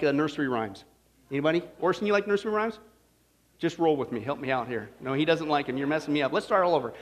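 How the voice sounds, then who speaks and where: A male pastor preaching a sermon in a jokey way, talking with his audience and checking in with "right?" and "okay?". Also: on the high side.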